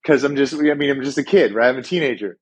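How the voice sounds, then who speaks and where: A man telling a story on a podcast, full of life and acting out every quoted line as he goes. His voice sits at a middle pitch with a husky, slightly breathy edge. He talks casually and lets the odd swear word slip. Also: fast. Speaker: chiropractor and wellness coach, podcast guest.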